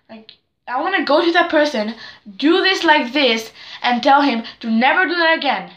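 A teenage girl chatting to camera at home in an excitable, rambling, self-deprecating way. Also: high-pitched, normal speed, roomy sound. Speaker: vlogger. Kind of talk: casual chat to camera.

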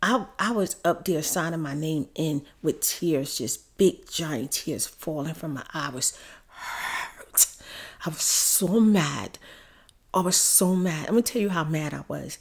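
A woman's voice: low voice, a little slow, husky. A woman heatedly telling viewers a personal storytime, repeating herself. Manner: heated, repetitive, addresses viewers as y'all. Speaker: YouTube storyteller. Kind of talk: emotional storytime.

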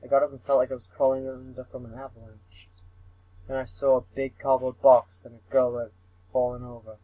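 Reading a visual novel aloud for laughs, this young man mumbles, trips on the text, and swears at himself. He speaks briskly in a flat, mid-range voice, with no room sound and a phone-like quality.

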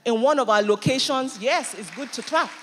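Woman pastor preaching in church; animated, emphatic delivery that swings loud; voice carries a long hall reverb. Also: a little high, moderate pace, noisy background. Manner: animated, emphatic preaching with sudden bursts of loudness. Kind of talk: sermon.

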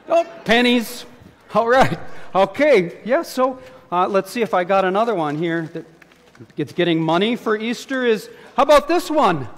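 A man with a notably high voice leads a children's sermon from the front of a church. He talks in a playful, coaxing way, drawing the kids in with questions. His voice rings out with the long reverb of the sanctuary. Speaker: pastor.

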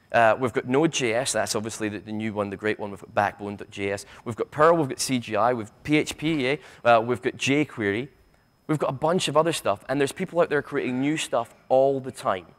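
A Scottish man with a Glaswegian lilt gives a conference keynote in a fired-up, sarcastic way, and he does not hold back on the swearing. His voice sits at an ordinary middle pitch. He trips over his own words in quick restarts as he pushes his points. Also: fairly bright tone. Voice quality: sarcastic, blunt, swears freely. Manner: impassioned, stammering restarts, rapid asides. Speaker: keynote speaker. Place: university conference hall.

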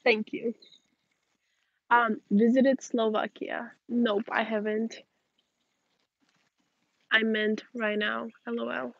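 A young woman, tired and yawning, reading viewer questions aloud and chatting back in a relaxed way on a livestream outdoors. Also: fairly high pitch, slow, gravelly, long pauses, no echo, highs cut off. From Russian-speaking family. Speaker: livestream host. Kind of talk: casual livestream chat reading comments.

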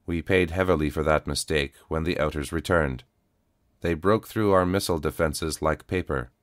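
Weary old cyborg soldier, formal and measured, very deep, dry studio sound, as a man reads him. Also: dry recording. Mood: grim. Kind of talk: audiobook character voice.

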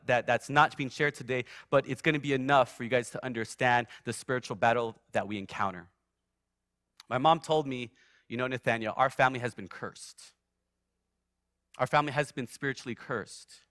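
A man giving a sermon built on his own testimony in a church, telling it vividly, surging loud and then dropping soft. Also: medium pitch, no room sound, studio quality. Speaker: guest preacher. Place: church sanctuary.

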